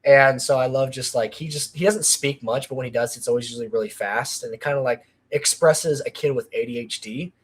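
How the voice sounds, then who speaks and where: A man's voice: medium pitch, a little fast, few pauses, breathy edge. A man chatting on a casual livestream about his channel, rambling with lots of ums and restarts. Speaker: channel creator.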